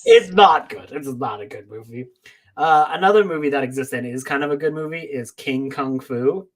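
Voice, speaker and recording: Low husky-voiced woman, really bouncy delivery, reading movie blurbs n laughing. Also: lively intonation, moderate pace. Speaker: co-host. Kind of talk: casual chat, reading aloud.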